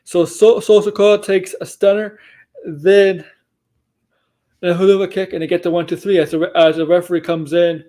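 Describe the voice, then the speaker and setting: This male streamer goes over a wrestling show in a loose, rambling way, often correcting himself partway through sentences and acting out quotes. His voice is high-pitched and warm, with little pitch movement and a moderate pace.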